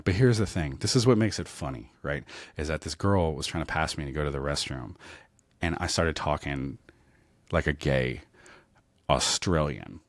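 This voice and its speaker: A comedian with a very low, deep voice tells a story casually and with plenty of self-mockery, often checking in with his listeners. The sound is close and dry, with no room echo. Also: moderate pace. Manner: animated, self-mocking, keeps checking in with "right?". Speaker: comedian and podcast host.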